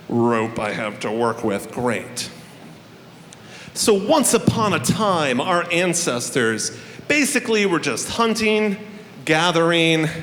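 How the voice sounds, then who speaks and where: A man with a high, sharply bright voice hosts a live show on a handheld microphone, talking to the crowd in a playful, swearing, theatrical way. His voice rings through a large, echoey hall with a long tail, over a faint hum of room ambience. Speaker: stage host opening a live festival. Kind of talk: live stage address to an audience.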